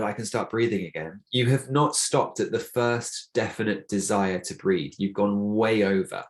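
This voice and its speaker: A man gives a webinar talk on breathing techniques. His voice sits slightly low, and he explains patiently and encouragingly. He often stops to restart a thought or adds a small filler. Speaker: breathwork practitioner presenting a webinar. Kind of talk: webinar presentation.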